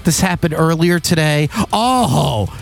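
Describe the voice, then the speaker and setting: Excitable high-voiced man co-hosting. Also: takes it slowly, gravelly, faint music behind. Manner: laughs often, swears freely, excitable. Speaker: podcast co-host. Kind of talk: casual comedic chat.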